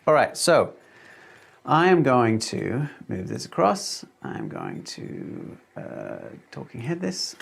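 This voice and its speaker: A man's voice: medium pitch, huge pitch swings, takes it slowly, gravelly, breathy edge. A man who grew up in Australia with an English accent from British parents, hosting a casual livestream from a small home room and rambling with lots of fillers. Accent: English accent from British parents, living in Australia. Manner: rambling and chatty, with many fillers and restarts. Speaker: livestream host and mapmaker. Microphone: desk mic, no headphones.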